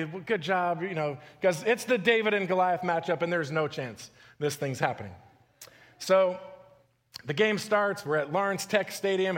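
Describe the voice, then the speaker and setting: A man's voice: high voice, fairly bright tone. A man in his forties preaching a sermon as a pastor, talking in a loose storytelling way and often repeating words as he restarts. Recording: long hall reverb.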